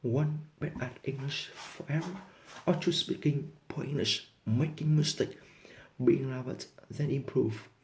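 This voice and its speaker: Earnest male English teacher, Vietnamese first language, average pitch, reads both parts of practice dialogues. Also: a little slow, creaky, slight background noise. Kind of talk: motivational lesson and dialogue reading.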